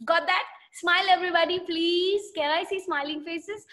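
A woman's voice: very high voice, moderate pace. A woman telling a story to children on a video call, asking them questions and acting out voices as she goes. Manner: animated, asks children questions and acts out voices. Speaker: children's Sunday school teacher.

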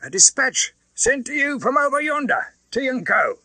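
A man's voice: very high voice, sing-song, moderate pace, pushed and bright, no room sound, pitched above the performer's own voice, exaggerated voice. A man voicing a mud-spattered messenger on horseback who calls out from the mist. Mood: calling out. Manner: calling out from a distance.

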